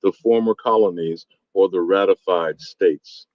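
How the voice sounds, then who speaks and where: A man's voice: deep voice, measured pace, no room sound. A man in a casual discussion, asking probing questions. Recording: dull lo-fi audio.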